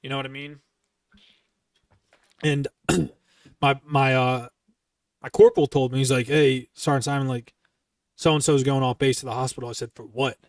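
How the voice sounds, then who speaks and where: A young man telling military stories in casual, profane style, bluntly and with lively quoted dialogue. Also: medium pitch, moderate pace, long pauses, no echo, clean studio sound, distant mic. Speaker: streamer recounting military stories.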